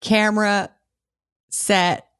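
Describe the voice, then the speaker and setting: A woman's voice: medium pitch, level tone, drawn-out words, fairly bright tone, smooth. A woman co-hosting a podcast in casual chat, playful and laughing often. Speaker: podcast co-host.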